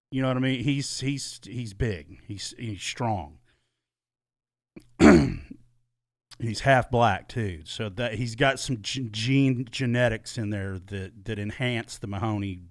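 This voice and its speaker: A middle-aged man hosting a podcast, telling a story casually and swearing freely. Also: medium pitch. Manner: animated, swears freely, laughs. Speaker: podcast host.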